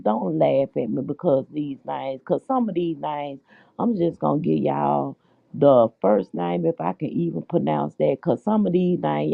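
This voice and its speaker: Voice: medium pitch, gravelly, no room sound. A podcast host from the United States chatting casually and dishing reality-show gossip, calling listeners "child" and "honey.". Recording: dry, tinny phone-like line.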